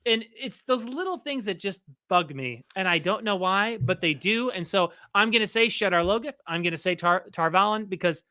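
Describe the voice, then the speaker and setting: Bright-voiced animated male podcast host. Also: sits high, normal speed, hardly any pauses, no room sound. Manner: animated, mimics pronunciations mockingly. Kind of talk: casual chat.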